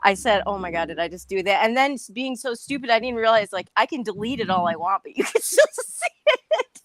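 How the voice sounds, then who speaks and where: A woman's voice: on the high side, sing-song, brisk. A woman co-hosting a casual livestream, telling an embarrassing story about herself. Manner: self-mocking storyteller, laughs a lot. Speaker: livestream co-host.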